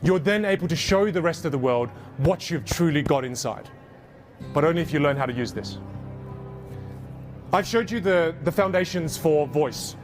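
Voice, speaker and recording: A man giving a motivational workshop talk to a live audience, animated and emphatic, taking questions from the crowd. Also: on the high side, normal speed. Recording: speech over loud background music.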